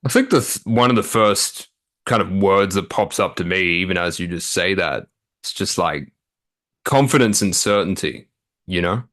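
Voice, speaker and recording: Deep bright-toned man coaching casually. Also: normal speed. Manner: relaxed, filler-heavy explaining. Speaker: dating coach. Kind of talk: casual interview talk.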